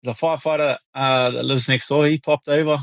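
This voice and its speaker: A man in his thirties, guest on a podcast, telling crude, animated stories with plenty of swearing. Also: medium pitch, fairly quick, vocal fry, no echo. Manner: crude, animated storytelling with lots of swearing and laughs. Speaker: guest fighter. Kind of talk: casual podcast interview.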